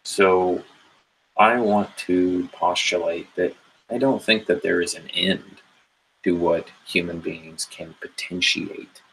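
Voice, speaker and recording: A man's voice: deep voice, flat delivery, takes it slowly, creaky, fairly bright tone, slight background noise, rough recording. A man giving a rambling, earnest motivational monologue about inner growth, swearing casually as he talks. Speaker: spiritual self-help speaker.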